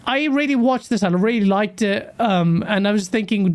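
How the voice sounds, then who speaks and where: A British man co-hosting a gaming stream in casual chat, excitable and laughing often. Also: high-pitched, moderate pace, hardly any pauses.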